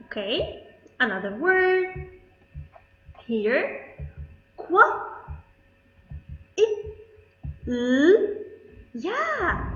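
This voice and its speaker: Slow, high-voiced woman teaching phonics. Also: big pitch swings, a bit bright, roomy sound, dull audio. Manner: slow, drawn-out sounding of letters, with questions to pupils. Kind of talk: phonics lesson for children.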